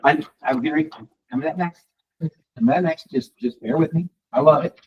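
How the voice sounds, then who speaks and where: A man teaching a live workshop to a room of colleagues, talking fast and asking the audience questions. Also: a little high, breathy edge, dull audio. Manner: fast, animated, addresses the room directly. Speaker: real estate trainer.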